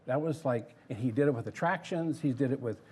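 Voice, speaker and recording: A man's voice: medium pitch, brisk, breathy edge. An older man, a former theme park designer, telling anecdotes in a casual interview and acting out what other people said. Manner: lively storyteller who acts out others' words.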